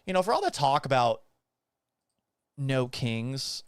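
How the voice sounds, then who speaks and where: A man in his thirties hosting a casual sports talk show, animated and blunt, often swearing. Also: medium pitch, slow pace, clear, resonant tone, dry recording, clean studio sound. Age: 30s.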